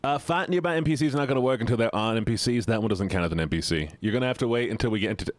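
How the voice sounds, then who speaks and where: A male streamer talks through live gameplay at a very fast clip in a medium-pitched voice, with no room sound at all. He's excitable, chatting with his viewers and yelping when he gets frustrated or things go wrong.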